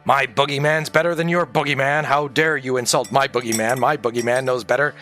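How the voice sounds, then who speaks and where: A man's voice: medium pitch, steady tone, a little fast, soft background music, lightly acted. A man voicing a pompous, self-proclaimed royal zealot who scornfully brags that his god is superior. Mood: haughty. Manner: haughty, scornful, shouting down rivals.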